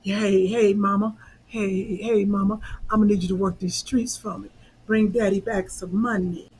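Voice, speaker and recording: A woman's voice: mid-range voice, level tone, normal speed, a little mellow, breathy edge, voice pushed down, poor audio. Woman putting on a drawling male pimp. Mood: coaxing. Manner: drawling, wheedling come-on. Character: smooth-talking male pimp, coaxing and bossy.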